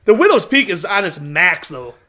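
Man co-host with a notably high voice, chatty and playful. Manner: animated, jokey, quick to laugh. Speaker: podcast co-host. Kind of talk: casual movie review chat.

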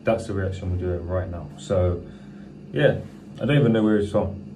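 A man's voice: deep voice, moderate pace, noisy background. A young British man hosting a music reaction video, talking in a casual, slangy way and swearing freely. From United Kingdom. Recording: distant mic with rap track playing. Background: hip hop music.

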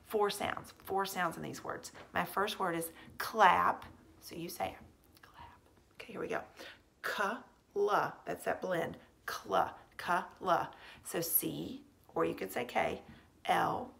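A woman teacher giving a phonics lesson to young children at home, sounding out letter blends slowly and asking encouraging questions. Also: medium pitch, vocal fry, a bit bright, slight background noise.

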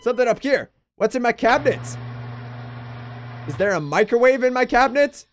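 A man's voice: very high-pitched, a little fast, a little hiss or hum. A man hosting a gaming video, giving casual let's-play commentary and exclaiming in surprise. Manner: excitable, laughs often, exclaims in surprise.

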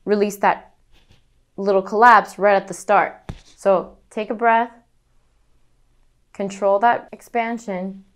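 Clear-voiced woman teaching singing. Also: medium pitch, little pitch movement, takes it slowly, pauses often. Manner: instructive, demonstrating breath exercises aloud. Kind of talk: vocal lesson demonstration.

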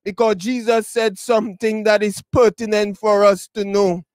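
A man preaching a funeral sermon, addressing the mourners directly, repeating his words and building to shouted, drawn-out phrases. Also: high voice, level tone, no room sound. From Tobago.

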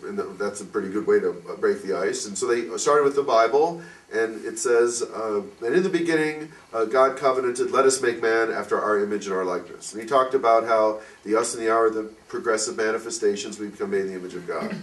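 A man's voice: fairly low pitch, fairly quick, a bit bright. Man, rambling fireside storyteller, lots of ums, distant mic, echoey room. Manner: rambling anecdotal telling with many fillers, acting out quoted people. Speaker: fireside speaker. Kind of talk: informal religious storytelling talk.

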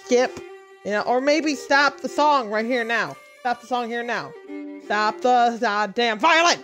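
A woman's voice: fairly high pitch, a little slow, fairly bright tone. Exasperated swearing young woman gamer. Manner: exasperated, swearing, talking to the screen. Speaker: gaming video creator. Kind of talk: live gameplay commentary. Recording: voice over game audio with music. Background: game music.

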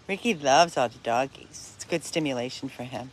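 A woman's voice: rumbling low, lively intonation, normal speed, a little hiss or hum. A middle-aged woman from a dog rescue chatting casually in a backyard while filming on her phone. She is chatty and often trails off mid-sentence. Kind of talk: casual vlog chat.

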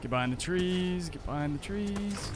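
A young man giving casual gameplay commentary, excitable and talking to himself and his viewers as he plays. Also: high-pitched, normal speed, background noise. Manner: excitable, talks to himself and viewers while playing. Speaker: gaming creator. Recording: game music and gunfire behind voice.

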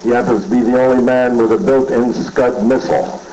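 A man's voice: mid-range voice, fairly even intonation, brisk, dark tone, muffled recording, slight background noise. A man comedian delivering insulting, bawdy one-liners at a roast on a banquet dais. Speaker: roast speaker. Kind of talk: stand-up roast.

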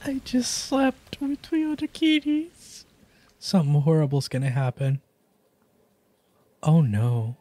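A woman giving excited let's play commentary, gushing and giggling with lots of delighted exclamations. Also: deep voice, slow pace, pauses often, a little hiss or hum, low-quality recording. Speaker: gaming YouTuber.

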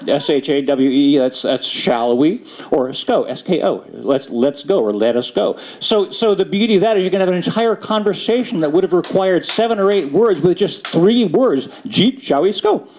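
Guy doing a funny slam poem, lively swoopy delivery, pitch on the high side. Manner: playful, mock-serious, halting restarts. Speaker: slam poet. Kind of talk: comic spoken-word performance. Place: bookstore stage before an audience.

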